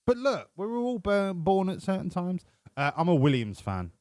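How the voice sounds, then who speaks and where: Sweary chatty streamer, lively pitch. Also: male voice, normal speed, dry recording, clean studio sound. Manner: chatty, sweary, banters with chat. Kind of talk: casual game livestream commentary. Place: home room.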